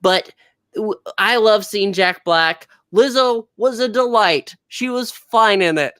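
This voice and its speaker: A woman's voice: mid-range voice, slow pace, fairly bright tone. A woman co-hosting a casual TV review show, blunt and scolding toward critics. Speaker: co-host of a show reviewing comics and TV.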